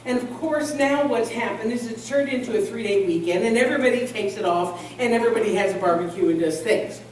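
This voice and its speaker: A woman's voice: on the high side, fairly quick, slight background noise. A woman giving a humorous sermon to a congregation in a large hall, telling jokes and stories. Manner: lively, joking storyteller. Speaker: minister. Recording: echoey hall, distant mic.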